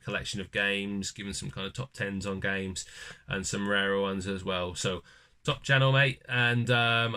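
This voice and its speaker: A man hosting a gaming vlog, chatting casually and rambling with lots of ums while giving shout-outs. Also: lowish voice. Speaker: gaming channel host.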